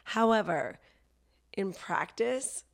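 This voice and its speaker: A woman comedian talking on a podcast in a gravelly voice full of fry, pitched in the middle. She chats casually and self-deprecatingly, laughing often. A dry throat gives her the odd cough. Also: lively intonation, takes it slowly. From Canada. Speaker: comedian guest.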